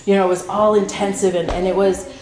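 A woman shares her recovery story at a meeting, candid, emotional, swearing freely and using lots of fillers. Her mid-range voice moves little in pitch and sounds a little mellow as she talks fast, and the room is echoey and noisy.

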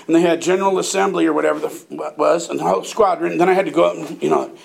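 A man's voice: a little high, fairly even intonation, very fast, vocal fry. An older man telling a rambling, profane story in casual chat, often laughing as he talks. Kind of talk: casual anecdote.

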